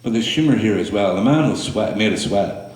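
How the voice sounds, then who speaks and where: Low-voiced man reading poems in an echoey room. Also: animated, a little mellow. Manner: slow, halting delivery with fillers between poems. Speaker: poet performing his work. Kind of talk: spoken word poetry reading. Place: small room with audience. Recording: echoey room, mic far off.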